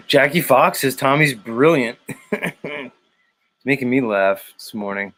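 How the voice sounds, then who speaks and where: A man's voice: medium pitch, animated, slow pace, a bit bright. A man hosting a morning livestream in casual chat, reading out the chat, laughing a lot and swearing. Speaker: livestream host.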